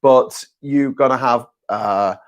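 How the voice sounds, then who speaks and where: Hosting a casual live chat, a man reads viewer messages and responds bluntly and sarcastically, swearing plenty. His voice is medium-pitched and his pace slow.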